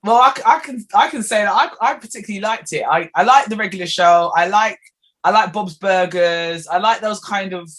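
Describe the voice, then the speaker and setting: A woman's voice: mid-range voice, brisk, fairly bright tone. A woman co-hosting a podcast, chatting casually and animatedly with lots of fillers. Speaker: podcast co-host. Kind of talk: casual chat.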